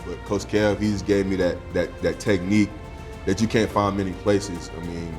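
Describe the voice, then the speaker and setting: A young man, a high school football recruit, talking casually in an interview, laid-back and quick to laugh. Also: over music. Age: young adult. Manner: relaxed, laughs easily, drawling slang.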